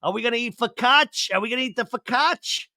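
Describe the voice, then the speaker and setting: A boisterous old grandma with a thick New Jersey accent, squeaking high and loud as she fusses over everyone, as a man puts her on. Her pushy, coaxing lines come out fast and pitched way up, recorded dry and close. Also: no echo, exaggerated voice. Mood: doting. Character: loud elderly Italian-American grandma, doting and pushy.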